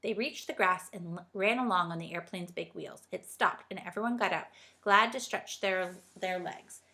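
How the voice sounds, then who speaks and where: A woman reading a children's storybook aloud in a steady, gentle storytelling way. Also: on the low side, normal speed. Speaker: reader.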